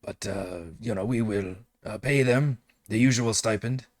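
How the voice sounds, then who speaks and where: A man's voice: lowish voice, a little slow. A man voicing a dutiful, deferential male military marshal who speaks formally and hesitantly.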